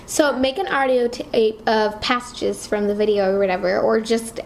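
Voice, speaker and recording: A young woman co-hosts a casual chat show, her voice sitting a little high. She teases her partner in an offhand, contrary way. A faint hiss runs under the recording. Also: moderate pace. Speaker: co-host.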